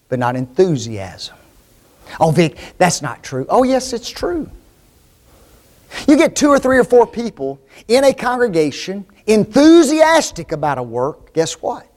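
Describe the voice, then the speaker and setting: A man preaching a sermon, emphatic, full of rhetorical questions and swings between loud and hushed delivery. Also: high voice, very animated, slow.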